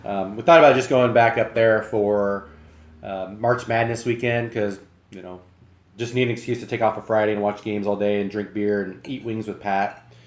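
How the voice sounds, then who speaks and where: A man's voice: fairly low pitch, fairly even intonation, moderate pace, echoey room. A young man chatting casually with his live-stream viewers from his home kitchen, rambling and friendly, sometimes talking with his mouth full.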